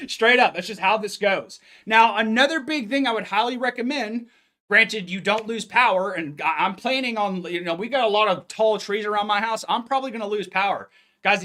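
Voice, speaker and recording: A man's voice: high voice, pushed and bright. A man, a fitness coach, giving a blunt, intense live-stream pep talk full of cursing, speaking into a phone.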